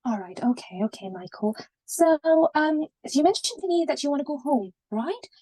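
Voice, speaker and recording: A woman with a high-pitched, sing-song voice and a dark tone plays a junior doctor in a student role-play consultation. At a moderate pace she sounds polite and reassuring, using lots of fillers.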